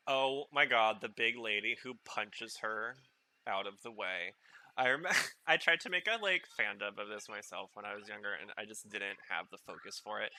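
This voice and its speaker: Podcast host, male, very bright and sharp tone, chatty filler-heavy watch-along commentary. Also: fairly low pitch. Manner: rambling, filler-heavy, excitable reactions.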